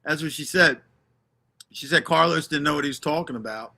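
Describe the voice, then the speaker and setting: A man's voice: on the high side, a little fast, gravelly, sharp tone. A man hosting a live stream, ranting casually, swearing constantly and reading out names from the chat.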